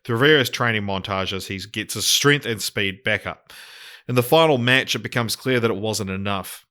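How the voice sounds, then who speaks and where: A man with a New Zealand accent co-hosting a podcast, reciting a made-up plot in a dry, deadpan way. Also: lowish voice, moderate pace, clean tone. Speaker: podcast co-host. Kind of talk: casual chat, reading out a made-up plot.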